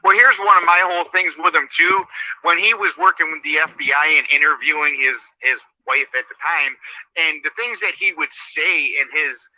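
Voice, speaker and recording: Skeptical man with a sharp bright voice. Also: on the high side, moderate pace, no echo, low-quality recording. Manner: skeptical, sarcastic. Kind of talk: casual chat.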